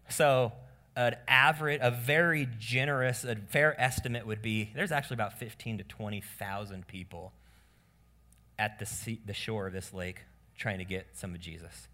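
A male pastor preaching to his congregation in a bright, forceful voice. He shifts quickly between earnest appeals and playful asides, acting out characters with lively energy. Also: mid-range voice. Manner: animated preaching, acts out disciples in voices. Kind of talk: sermon. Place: church room with congregation.

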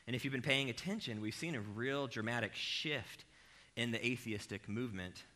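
Male preacher, bright ringing tone, jokey and self-mocking, talks right to the crowd. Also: mid-range voice, moderate pace. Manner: animated, self-deprecating, addresses the crowd directly. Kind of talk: humorous conversational sermon.

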